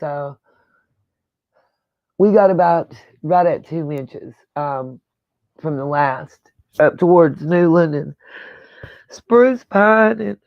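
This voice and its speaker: A woman's voice: on the low side, no room sound, muffled recording. A woman hosting a livestream, talking bluntly and profanely in a rambling rant from home. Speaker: livestream host. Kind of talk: casual livestream talk.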